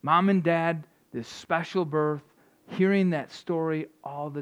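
A man's voice: fairly high pitch, fairly even intonation, unhurried, clean tone. A man preaching an informal sermon in a conversational way, often repeating and restarting words. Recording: dull lo-fi sound.

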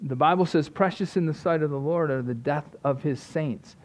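A man's voice: a little high, moderate pace. A man preaching a sermon with earnest energy, often restarting his sentences and asking "right?" to his listeners. He is a father of young children, in his thirties or forties. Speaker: pastor.

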